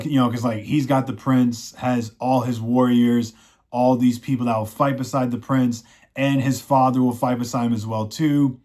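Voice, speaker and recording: A man's voice: medium pitch, steady tone, normal speed, a little mellow. Rambling man recapping a show. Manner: rambling, many fillers and restarts, acts out quotes. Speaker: show reviewer. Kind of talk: casual plot recap.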